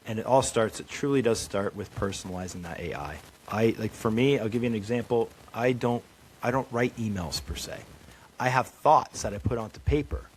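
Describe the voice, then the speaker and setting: A man's voice: on the low side, a little hiss or hum. A man speaking as a guest on a podcast, giving marketing advice in a confident way and checking in with "right?". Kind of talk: casual interview chat.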